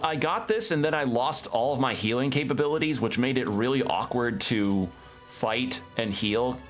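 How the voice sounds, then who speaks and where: A man's voice: medium pitch, fairly bright tone. A man streaming a video game, chatting casually and rambling through a story recap with a toothpick in his mouth. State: talking around a toothpick. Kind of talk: casual gameplay commentary.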